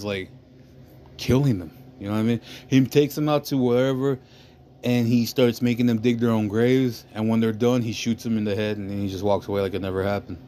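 A man with a fairly low voice talks through a movie's story in a loose, rambling way. He swears freely and keeps checking in with his listeners. A faint background hum sits under his voice. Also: a little mellow. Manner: rambling, profane, frequent "you know what I mean". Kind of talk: casual movie recap.

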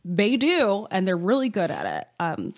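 A woman co-hosting a podcast, chatting casually in a warm, affirming way. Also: mid-range voice, wildly swooping pitch, moderate pace. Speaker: podcast co-host. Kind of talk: casual chat.

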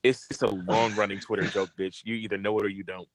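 Low-voiced man telling a rambling story. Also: flat delivery, fast, no echo. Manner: rambling, profane, full of fillers. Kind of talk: casual storytelling chat.

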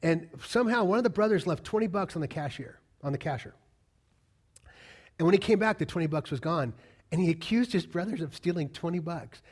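A man's voice: fairly high pitch, lively intonation, fairly quick, darkish tone, husky. A middle-aged man preaching a sermon as pastor, emphatic, repeating key lines and asking the congregation questions.

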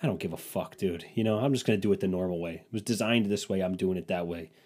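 Rambling low-voiced podcast guy. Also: fast, darkish tone. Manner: rambling, crude, self-mocking with put-on quotes. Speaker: podcast host. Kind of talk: solo comedic storytelling.

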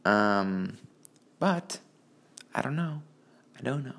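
A man rants alone into a phone, swearing freely and cutting himself off mid-sentence. His voice is gravelly, and his pitch rises and falls widely. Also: expressive, slow, long pauses, fairly bright tone. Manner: profane, rambling, self-interrupting. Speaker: vlogger. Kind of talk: solo rambling rant.

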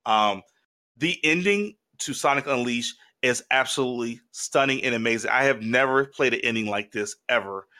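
A man co-hosting a podcast in casual chat, rambling and excitable with lots of restarts. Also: mid-range voice, normal speed. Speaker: podcast co-host.

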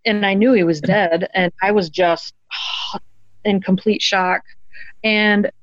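A woman's voice: mid-range voice, steady tone, no echo, lo-fi sound. Earnest woman telling a personal story. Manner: earnest, halting, many ums and restarts. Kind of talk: conversational storytelling.

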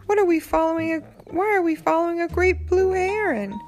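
A woman voices a worried young schoolboy in a storybook, his complaints high and whiny. He sounds exasperated, grumbling at every surprise. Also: brisk, a little mellow, soft background music.

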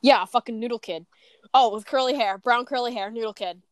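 A woman's voice: fairly high pitch, brisk, over a noisy crowd. A teenage girl in casual chat, rambling and swearing, with many fillers and restarts. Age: teens. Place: bedroom.

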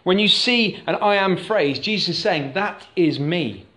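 A man gives a sermon in a church, talking conversationally and putting questions to the congregation. His voice sits a little high. The room around him is echoey. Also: expressive, unhurried, bright, forceful tone. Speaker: pastor. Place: church hall.

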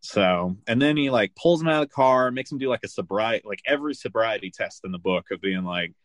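A man hosting a podcast, recapping a film in loose, animated casual chat full of "like" and the odd swear word. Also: lowish voice, a little fast, no echo. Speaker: podcast host.

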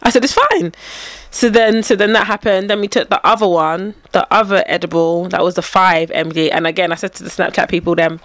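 A woman's voice: fairly low pitch, steady tone, brisk, hardly any pauses, fairly bright tone, no room sound. A young woman, casually telling a story on a podcast, acting out quotes and laughing often. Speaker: podcast co-host. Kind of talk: casual chat.

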